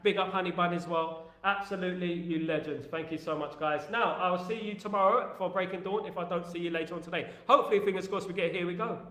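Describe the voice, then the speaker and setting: A London-accented man hosting a casual football live stream, reading viewer comments aloud, upbeat and repeating his phrases as he shouts out fans. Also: sits high, echoey room. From England. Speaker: livestream host.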